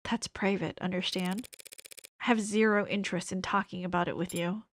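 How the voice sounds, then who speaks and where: A woman's voice: fairly low pitch, fairly even intonation, normal speed, slight background noise, close to an everyday voice. A woman reading a cynical, sardonic lawyer. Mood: dry. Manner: dry, sarcastic, world-weary. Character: cynical, sardonic lawyer narrating a visual novel. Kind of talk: reading a game's lines aloud.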